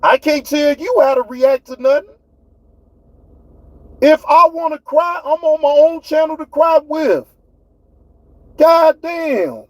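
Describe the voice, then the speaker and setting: A man's voice: very high-pitched, animated, takes it slowly, pauses often, no room sound, poor audio. A man with hosting his own livestream, ranting at his chat in a fiery, profane way. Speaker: livestream host. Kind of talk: heated livestream rant.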